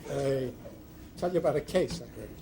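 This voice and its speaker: A man's voice: mid-range voice, animated, moderate pace, dark tone. Older man telling dry courtroom stories. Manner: dry storytelling with punchline timing. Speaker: retired judge giving a speech. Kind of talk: humorous anecdotes at a ceremony. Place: ceremony hall with a live audience. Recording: noisy hall recording.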